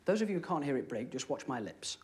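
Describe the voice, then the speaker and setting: A young British man performing comedy magic, chatting with a volunteer and dropping deadpan one-liners. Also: medium pitch, fast. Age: young adult. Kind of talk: comic magic patter. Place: TV studio with live audience. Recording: studio audience noise behind.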